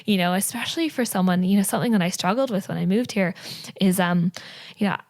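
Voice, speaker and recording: A woman's voice: medium pitch, quick pace, a little mellow. A young woman telling stories as a podcast guest in a casual, chatty way, full of fillers like "you know". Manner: chatty, many fillers and 'like', 'you know'. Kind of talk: casual interview storytelling.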